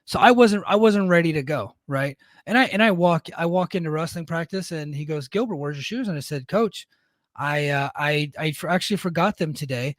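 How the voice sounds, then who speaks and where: A man's voice: a little high, a little fast, few pauses, no echo, studio quality. A middle-aged man co-hosting a podcast, talking bluntly in a casual, storytelling way and often tagging on "right?". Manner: blunt, storytelling, fond of "right?" tag questions. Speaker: podcast co-host; military leader.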